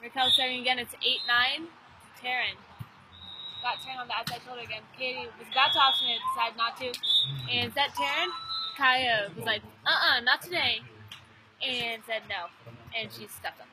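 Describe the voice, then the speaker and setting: Teen girl commentator, higher voice, chatty with jokes, noisy outdoor venue. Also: fairly even intonation, brisk. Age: teens. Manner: chatty, joking asides. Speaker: volleyball commentator. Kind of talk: live sports commentary. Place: outdoor beach volleyball event.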